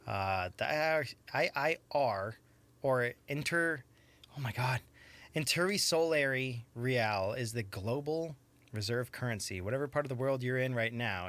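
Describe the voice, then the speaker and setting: A man's voice: mid-range voice, fairly bright tone. A man streaming a detective game, reading the text aloud with playful, swearing reactions. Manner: playful, swears, laughs often. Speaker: let's play streamer.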